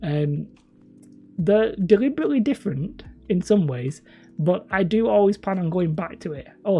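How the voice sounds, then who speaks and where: Speaking at a moderate pace, this livestream host has a lowish, expressive voice with a dark tone and a slightly rough quality. She has a northern English accent and rambles casually with viewers, often poking fun at herself.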